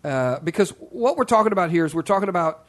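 Rambling lively podcast host, a man. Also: sits high, fast. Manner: rambling, loose, laughs a lot. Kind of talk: casual podcast chat.

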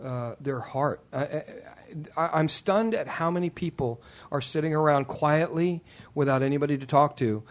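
A man's voice: fairly high pitch, moderate pace. A man hosting a podcast, talking in a loose, rambling way and laughing often. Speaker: host. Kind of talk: casual podcast chat.

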